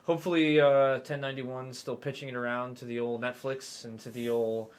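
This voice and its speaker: A man's voice: medium pitch, little pitch movement, fairly quick, smooth. A man talking as a guest filmmaker, laid-back with dry jokes. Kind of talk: casual chat.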